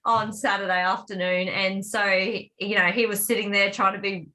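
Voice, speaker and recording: A woman's voice: medium pitch, flat delivery, normal speed, bright, forceful tone. A woman telling a personal story in a candid, confessional way, rambling with plenty of fillers. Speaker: vlog co-host.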